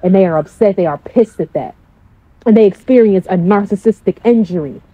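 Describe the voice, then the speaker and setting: A woman's voice: medium pitch, fairly quick, slightly rough, dry recording, narrow, tinny audio. A woman coach speaking in a casual, blunt storytelling style, swearing freely.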